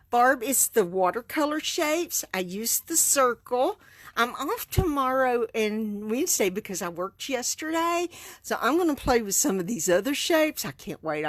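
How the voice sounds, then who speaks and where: In a dry recording, a woman with a high-sitting voice talks through a live card-making demo, full of enthusiasm and frequent laughter, in a casual live stream style.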